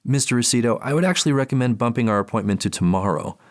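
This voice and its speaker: A man voicing a therapist who speaks in a deliberate, measured way. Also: medium pitch, expressive, voice pushed up, natural voice. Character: calm measured therapist, gender unstated.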